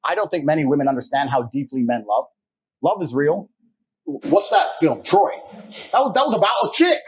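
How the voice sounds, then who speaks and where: A man's voice: a little high, expressive, moderate pace. A man being interviewed, telling stories in a blunt, profane, casual way and acting out the people he quotes. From England. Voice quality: husky. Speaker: interview guest.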